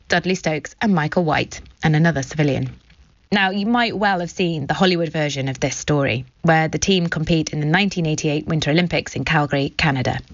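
A woman presenter giving a scripted introduction in a measured, clear way, then asking questions. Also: low voice, dry recording, dull audio. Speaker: radio presenter. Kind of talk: scripted narration and interviewing.

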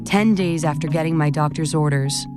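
Woman, low voice, calm measured narration, soft guitar behind. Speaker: actor reading a first-person story. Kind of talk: scripted narration.

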